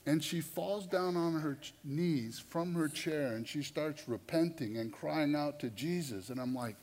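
A man preaching a sermon through a story, animated and conversational, often repeating his words. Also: on the high side, a little slow. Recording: long reverb of a large hall.

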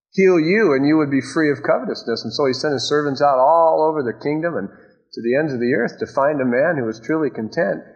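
A man pastor delivering a conversational sermon, mixing scripture readings with playful everyday asides. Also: a little high. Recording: slightly dull lo-fi recording.

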